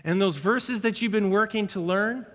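High-voiced man preaching in a hall. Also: moderate pace. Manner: lively, conversational preaching with self-deprecating humor. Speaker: pastor. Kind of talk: sermon.

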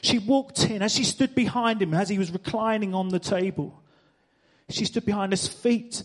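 A man's voice: high-pitched, normal speed. A man preaching a sermon to a congregation, emphatic, repeating phrases and asking the room rhetorical questions. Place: church stage before a congregation.

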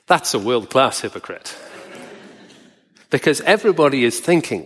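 A man preaching a sermon in a measured, wry, conversational way, slowing down to stress words. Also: mid-range voice, very animated, fairly bright tone, husky. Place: church hall. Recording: long reverb of a church hall.

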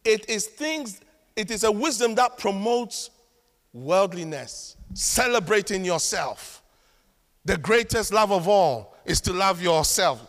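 High-voiced man preaching in an echoing hall. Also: animated, slow. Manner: emphatic preaching with sudden loud outbursts and dry asides. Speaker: pastor. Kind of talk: sermon. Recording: long reverb of a large hall.

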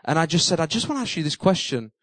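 A man's voice: fairly high pitch, fast, no echo, rough recording. A middle-aged man preaching, telling a funny story and acting out his own panic. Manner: animated, self-mocking storyteller who acts out his own panic. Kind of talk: sermon storytelling.

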